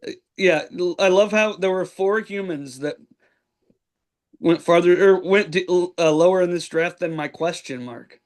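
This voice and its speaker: A man hosting a casual podcast chat, talking in a relaxed way with frequent restarts and fillers. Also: high voice, moderate pace. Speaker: podcast host.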